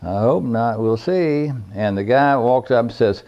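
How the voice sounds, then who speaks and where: Older man, plainspoken folksy storytelling, warm mellow tone, dull lo-fi recording. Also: lowish voice, lively intonation, moderate pace. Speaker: veteran caver recounting his history. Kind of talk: personal storytelling.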